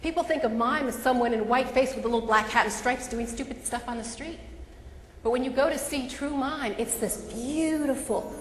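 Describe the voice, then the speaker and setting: Woman, 40s, humorous keynote speaker: theatrical, a touch high, hall reverb. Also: slight background noise. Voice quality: animated and theatrical, quick bursts and dramatic pauses. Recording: long reverb of a large hall.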